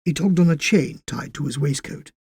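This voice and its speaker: Guy narrating a horror tale, gravelly and husky, pretty dark tone. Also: on the high side, moderate pace, no echo, clean studio sound. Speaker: story reader. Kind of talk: scripted horror fiction narration.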